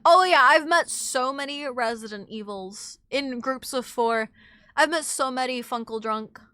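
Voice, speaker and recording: A woman streamer with a high, bright voice chats easily with her audience. She reads messages aloud, swears freely, and sounds a touch under the weather. Her voice is recorded dry and close on a desk mic. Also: no room sound. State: a bit sick. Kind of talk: casual live-stream chat.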